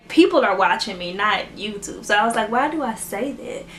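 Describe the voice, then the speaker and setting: A woman's voice: medium pitch, a bit bright, echoey room, a little hiss or hum. A woman YouTuber, chatting emotionally and gratefully to camera in a casual vlog at home. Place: room at home lit by ring light.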